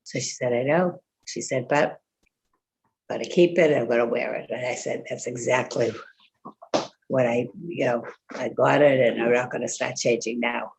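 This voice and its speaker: A woman's voice: a bass voice, fairly even intonation, moderate pace, creaky, a little mellow, slight background noise. An older woman chatting casually with fellow congregants, telling a rambling story full of fillers and quoted speech. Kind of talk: casual chat.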